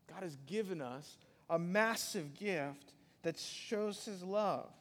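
A man preaching a sermon in a conversational way, with sudden loud rises and soft drops. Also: high-pitched, slow, few pauses. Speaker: pastor. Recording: long hall reverb.

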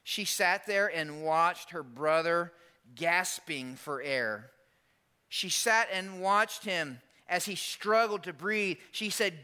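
Male pastor, bright ringing voice, sermon delivery that swings from hushed to loud, church setting. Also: smooth. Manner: dynamic preaching, drops soft then builds loud and high. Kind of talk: Easter sermon.

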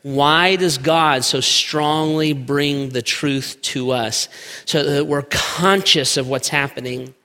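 A man preaching in a church sanctuary. His voice is bright and a little high, and he slows down to land his key points. Long reverb from the hall trails behind his words. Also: steady tone. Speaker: pastor. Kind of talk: sermon.

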